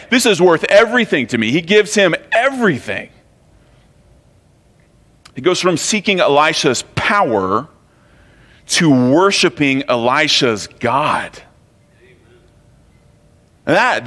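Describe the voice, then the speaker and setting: A man preaching a sermon in an animated, conversational way, often restarting and repeating phrases. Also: high-pitched. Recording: long hall reverb.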